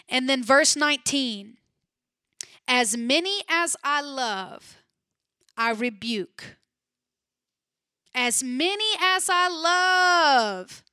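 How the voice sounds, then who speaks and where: A woman preacher delivering a sermon, explaining Bible verses in an earnest, emphatic way that moves between soft and urgent. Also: a little high, no echo, studio quality.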